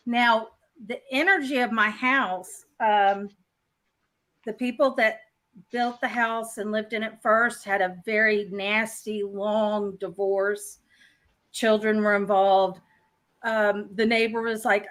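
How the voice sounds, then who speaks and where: A woman's voice: medium pitch, steady tone, takes it slowly, fairly bright tone. A woman in casual chat, telling a story in a plain-spoken way and acting out what people said. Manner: plain-spoken, acts out quotes. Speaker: host.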